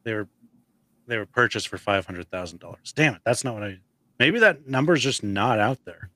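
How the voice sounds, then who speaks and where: A man's voice: lowish voice, expressive, normal speed, a bit bright, dry recording. A man co-hosting a movie review podcast, chatting casually with dry teasing and frequent chuckles. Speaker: podcast co-host.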